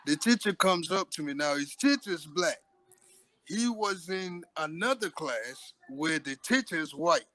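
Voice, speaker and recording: A man in his thirties telling a story in a casual, profane, animated chat. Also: fairly high pitch, unhurried, dry recording. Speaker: podcast co-host.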